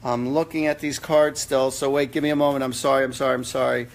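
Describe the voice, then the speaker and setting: A man hosting a live-stream psychic reading. He answers viewers' questions in an earnest, halting way, with many fillers and restarts. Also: medium pitch, little pitch movement. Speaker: psychic medium host.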